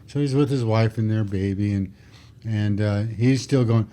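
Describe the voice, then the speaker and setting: This retired policeman has a lowish voice and talks at a normal pace, telling stories casually on a podcast microphone. He gets animated, voices the quotes himself, and says he's a particular sort of person.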